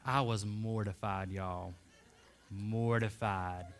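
A man's voice: a little high, animated, normal speed, bright, forceful tone. A man preaching a sermon, telling a funny personal story with self-deprecating asides to the congregation.

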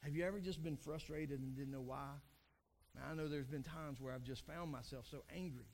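A man's voice: on the high side, brisk, creaky, darkish tone, slight background noise. A man, a pastor in his thirties with young kids, preaching a conversational sermon, repeating phrases and acting out weary, frustrated speakers.

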